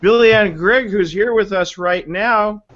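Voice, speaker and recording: A man's voice: high voice, measured pace. A man hosting a casual group video chat, joking and rambling playfully. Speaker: webinar host. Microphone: video call. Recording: dull lo-fi video call audio.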